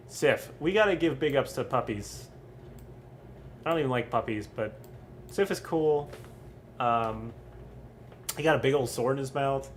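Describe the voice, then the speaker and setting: A man's voice: mid-range voice, slight background noise. Profane rambling young male streamer. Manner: profane, rambling, frequent ums. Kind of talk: casual crude gaming commentary.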